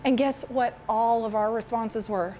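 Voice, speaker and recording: A woman giving a chatty, animated talk to a room of parents, often tossing questions to the audience. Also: a little high, measured pace, heavy background noise. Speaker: school parent education presenter. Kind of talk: casual presentation to parents.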